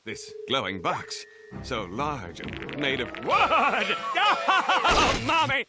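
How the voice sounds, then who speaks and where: An actor voicing a dim, childish middle-aged dad in an animated cartoon, with goofy outbursts. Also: male voice, high voice, extremely slow, heavy background noise, exaggerated voice. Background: background music.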